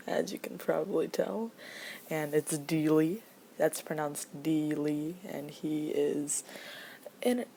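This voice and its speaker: A woman's voice: low-pitched, mellow, a little hiss or hum. A woman casually explaining a casting call to voice actors, rambling with many fillers and often dropping to a near-whisper.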